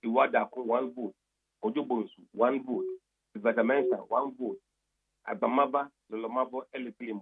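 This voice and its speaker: A Ghanaian man with a husky, slightly breathy voice reads out poll results one by one, in a methodical, steady way. He comes through a narrow, phone-like line on a radio broadcast. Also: mid-range voice. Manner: methodical, reading out a long list of figures. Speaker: radio talk show guest presenting poll results. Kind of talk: radio talk, switching between English and Twi.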